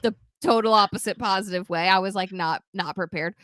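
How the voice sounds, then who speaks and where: A woman's voice: medium pitch, a little fast, no echo. A woman co-hosting a podcast, recapping a film in casual chat, acting out the characters' lines and laughing often. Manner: animated storytelling, acts out character quotes, frequent laughs and fillers. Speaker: podcast co-host.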